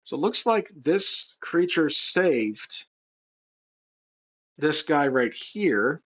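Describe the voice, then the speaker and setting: Casual solo role-play narrator, a man thinking out loud, dull lo-fi recording. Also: a little high, sing-song, drawn-out words, breathy edge. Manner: thinking aloud, hesitant, many restarts. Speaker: solo tabletop game player and narrator. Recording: slightly dull lo-fi sound.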